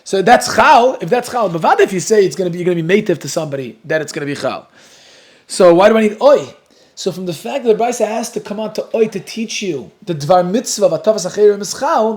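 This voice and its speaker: A man teaching a Talmud class, animated and explaining step by step, with a story worked in. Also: sits high. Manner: animated, switches between English and Hebrew-Aramaic terms.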